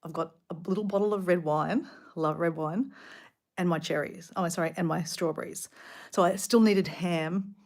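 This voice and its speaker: A middle-aged woman with an Australian accent tells a casual story straight to camera. Her voice sits slightly low, and she rambles in a chatty, animated way, full of asides. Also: normal speed. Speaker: vlogger. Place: hotel room.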